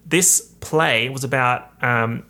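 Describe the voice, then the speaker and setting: A man's voice: medium pitch, normal speed. Campy, chatty young podcast host man. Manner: chatty, campy, animated storytelling. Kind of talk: casual solo podcast chat.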